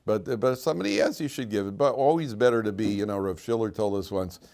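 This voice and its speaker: A man's voice: on the low side, fast talker, a little mellow. A man teaching a class as a rabbi, repeating his key lines for emphasis and telling stories. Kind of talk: classroom lecture. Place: classroom with students.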